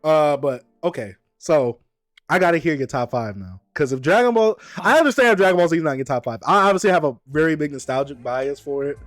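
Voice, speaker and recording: Male streamer, casual podcast chat, slightly high voice, dry close mic, faint music underneath, laid-back teasing. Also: expressive, quick pace, dry recording. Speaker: streamer and host.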